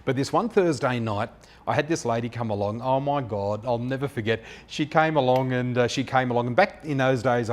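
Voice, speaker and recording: An Australian man in his fifties, a psychic flower reader telling his story in a chatty, anecdotal way with many filler pauses. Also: mid-range voice. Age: 50s. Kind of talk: personal storytelling monologue.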